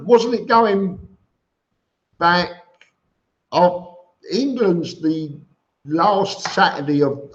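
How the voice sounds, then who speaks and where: A man hosting a casual live stream, greeting viewers by name and answering their questions with chatty, joking asides. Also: on the high side. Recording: dull lo-fi stream audio.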